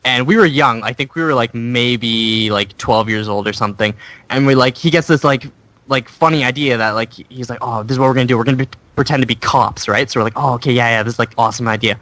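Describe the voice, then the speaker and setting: A man's voice: medium pitch, brisk, fairly bright tone, dry recording. A young man telling rambling anecdotes, full of fillers, during casual gameplay commentary. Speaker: gaming commentator.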